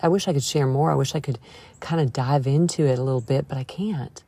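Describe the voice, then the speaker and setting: Woman podcast host, low husky voice, mellow, earnest faith talk. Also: fairly quick, no room sound. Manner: earnest, emphatic and conversational. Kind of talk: devotional podcast monologue.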